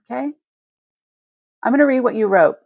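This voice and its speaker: Woman on a live stream, gravelly voice, dry close sound, heartfelt and rambly, almost crying. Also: medium pitch, unhurried, no echo, lo-fi sound. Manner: heartfelt and rambling, with many restarts. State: emotional, near tears. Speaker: host of a live jewelry selling stream. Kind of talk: live-stream chat to viewers.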